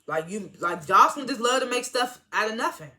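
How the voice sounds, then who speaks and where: Bright-voiced woman recapping a reality show. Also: fairly high pitch, brisk. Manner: animated, slangy, swings into loud excited retellings; frequent laughs and filler words. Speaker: TV show reviewer. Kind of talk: casual recap and commentary.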